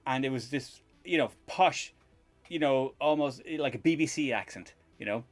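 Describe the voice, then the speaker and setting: A man's voice: mid-range voice, normal speed, faint music behind. A man hosting a live stream in casual chat while he tinkers, rambling, laughing often and swearing casually.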